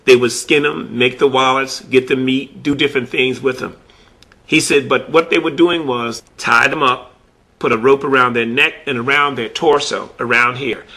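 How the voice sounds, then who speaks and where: Man, husky bright voice, spoken storytelling, keeps repeating "he said", faint music behind. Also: mid-range voice. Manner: retells a conversation, repeating "he said". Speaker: artifact collector telling a story.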